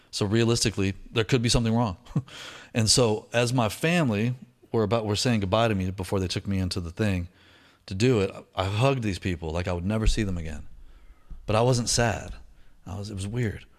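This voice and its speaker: Middle-aged man, lower-pitched voice, easygoing storyteller who mimics the people in his tale. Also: a little fast. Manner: casual, laid-back, slangy storytelling with lively put-on voices for quoted people. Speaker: speaker sharing a recovery story. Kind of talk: personal storytelling talk.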